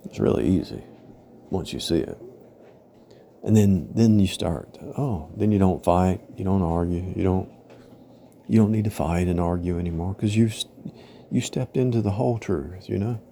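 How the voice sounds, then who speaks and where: Guy with a low mellow voice rambling thru a spiritual talk, keeps saying right? you know? faint hiss behind. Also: moderate pace, creaky. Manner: rambling, repetitive, parable-style with frequent "right?" and "you know?". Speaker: religious teacher. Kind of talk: informal spiritual teaching monologue.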